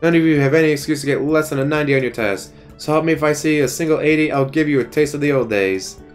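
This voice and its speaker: A man voicing a gruff, middle-aged drill-sergeant history teacher from a game, barking insults at his class. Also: a little high, fast, faint music behind, voice pushed up, lightly acted.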